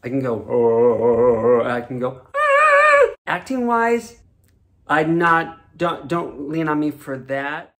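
A man putting on a clueless amateur auditioner who is full of himself and pitches himself in earnest, stop-start bursts. The voice sits fairly high for a man. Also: lively intonation, a bit bright. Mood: smug earnest. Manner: earnest, oblivious, halting self-pitch. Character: dim, self-important male amateur auditioner. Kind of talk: comic character bit.

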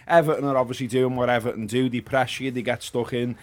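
A man of middling pitch talks through a match as a football podcast co-host. He sounds chatty and reflective and is easily amused. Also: fairly even intonation, fast. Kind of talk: casual chat, match review.

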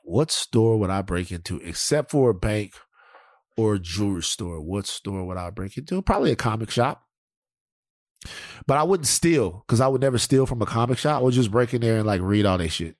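A man's voice: lowish voice, moderate pace, no room sound, studio quality. A man hosting a podcast, telling profane stories in casual chat. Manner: animated, profane storytelling. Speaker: podcast host.

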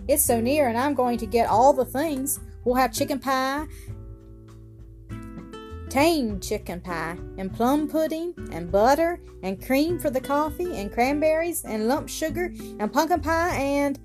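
Eager thirteen-year-old farm boy, read by a woman: folksy country speech, bright and high. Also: animated, a little slow, soft background music.

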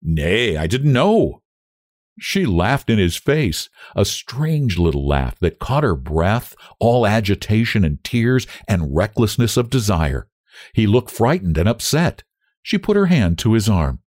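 A man reading a novel aloud in measured, expressive storytelling. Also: on the low side, no echo, clean studio sound. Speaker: audiobook narrator. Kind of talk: scripted narration of a novel.

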